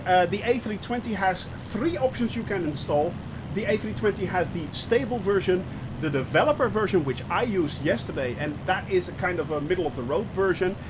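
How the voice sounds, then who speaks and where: A man streaming a flight simulator, chatting through his flight with lots of fillers and bursts of excitement. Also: high voice, background noise. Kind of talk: live gameplay commentary.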